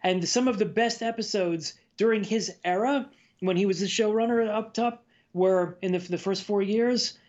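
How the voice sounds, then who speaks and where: A man's voice: high-pitched, moderate pace, a little mellow, highs cut off. A man guest on a podcast, chatting casually and opinionated, reeling off examples. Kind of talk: casual chat.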